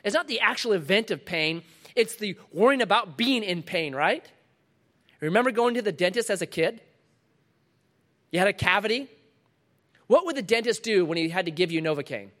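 A middle-aged man preaching a sermon to a congregation, dramatic, dropping to a hush and then rising loud again. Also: high-pitched, expressive, normal speed, long pauses. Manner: dramatic, swings from loud to hushed. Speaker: pastor.

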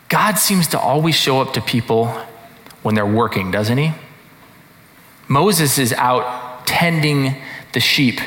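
A man's voice: medium pitch, a bit bright. A man preaching a sermon in a conversational way, often checking in with rhetorical questions. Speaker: pastor. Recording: echoey hall reverb.

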